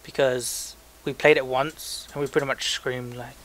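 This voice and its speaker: A young man reads listener emails aloud on a casual podcast, joking and stumbling as he goes. His voice is bright and forward. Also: medium pitch, flat delivery, moderate pace, a little hiss or hum. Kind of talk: casual chat.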